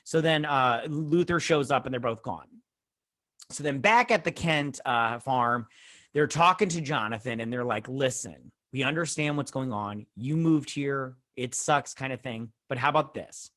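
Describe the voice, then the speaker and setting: A man's voice: medium pitch, a bit bright. Rambling man recapping a TV episode. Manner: rambling, with many fillers and self-corrections; acts out characters' lines in quick paraphrase. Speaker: YouTube show host reviewing a TV episode. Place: home room, adjusting his own lights.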